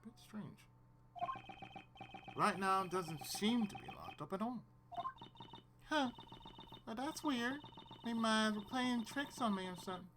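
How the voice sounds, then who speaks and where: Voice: mid-range voice, animated, a little slow, long pauses, noisy background. A streamer with loose, rambling gameplay commentary who reads the game's dialogue aloud. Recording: game music playing behind.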